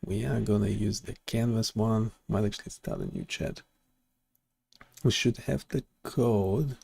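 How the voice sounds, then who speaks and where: A man's voice: on the low side, lively intonation, measured pace, vocal fry, dark tone, husky, dry recording. A man hosting a live coding stream, thinking aloud and giving instructions to an AI assistant.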